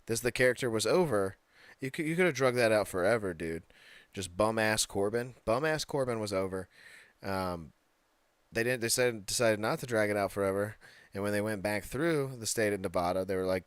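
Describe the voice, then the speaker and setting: A low-voiced man co-hosting a podcast, chatting casually and bluntly with plenty of swearing. The recording is dry and close, with no room echo. He laughs often as he talks. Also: fairly quick, clear, resonant tone. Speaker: podcast co-host. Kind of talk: casual wrestling podcast chat.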